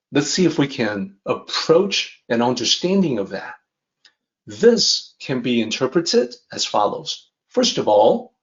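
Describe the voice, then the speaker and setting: A man teaching a lesson on a classic text, calmly repeating and rephrasing each idea. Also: medium pitch, highs cut off. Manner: measured, repeats and rephrases ideas. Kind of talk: calm explanatory lesson.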